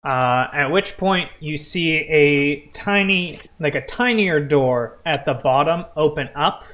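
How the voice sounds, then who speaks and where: A man's voice: a little high, a bit bright. A man running a tabletop game as game master, narrating unhurriedly with many "uh"s and "like"s. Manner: unhurried, full of "uh" and "like".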